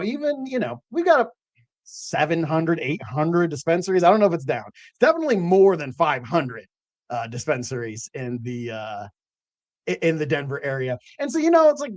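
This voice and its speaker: A man's voice: on the high side, no echo. A man hosting a late-night cannabis show, telling stories in a loose, rambling way with lots of fillers and the odd swear word. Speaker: host of a cannabis growing show.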